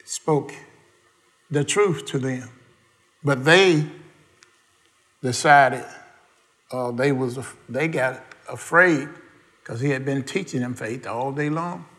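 A man's voice: medium pitch, slow, pauses often, a bit bright. A man preaching a sermon, quizzing the congregation with questions and folksy asides, in everyday dialect grammar.

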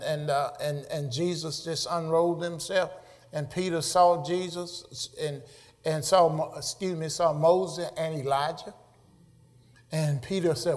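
Preaching man in an echoing church. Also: on the high side. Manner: preaching with rising shouts and call-and-response. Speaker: pastor. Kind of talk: sermon. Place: church sanctuary.

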